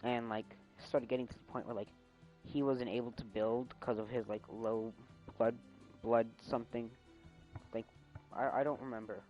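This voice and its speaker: A young man streaming casually, rambling with many fillers, his volume swinging loud and soft. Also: medium pitch, steady tone, normal speed, highs cut off. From United States. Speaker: railfan streamer. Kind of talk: casual gameplay stream chat. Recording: loud music behind.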